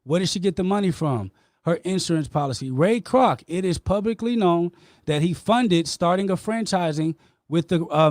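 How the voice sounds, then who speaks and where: A man's voice: on the high side, darkish tone, no echo, studio quality. A man hosting a podcast, talking with passion and emotion as he argues his point with a caller. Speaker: podcast host. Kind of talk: heated debate with a caller.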